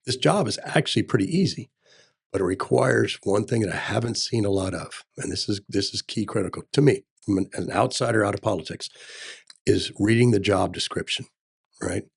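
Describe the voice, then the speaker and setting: A man's voice: lowish voice, brisk, creaky, breathy edge. A middle-aged man running for governor, talking in a casual interview with emphatic, military-style phrasing and frequent "right?" tags. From Texas. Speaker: gubernatorial candidate.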